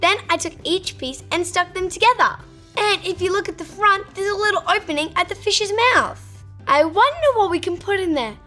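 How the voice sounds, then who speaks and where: A woman hosting a children's show, excitable and gasping with wonder. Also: extremely high pitch, moderate pace, soft background music. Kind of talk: upbeat kids' presenting.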